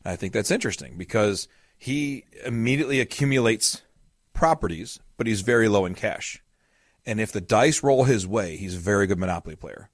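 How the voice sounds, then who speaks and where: A man's voice: on the low side, lively intonation, fairly quick, no echo, studio quality. A man hosting a podcast as a retirement coach, explaining in a casual, storytelling way with everyday examples.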